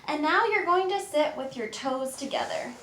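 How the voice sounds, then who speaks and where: Young woman playing jane, high upbeat voice, cheering kids on, roomy echo. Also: lively intonation, moderate pace, fairly bright tone, slight background noise. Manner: upbeat, encouraging, talks to children. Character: cheerful young woman adventurer, friendly guide. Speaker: kids' movement and mindfulness instructor. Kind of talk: guided movement lesson for children. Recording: echoey room, faint ambience.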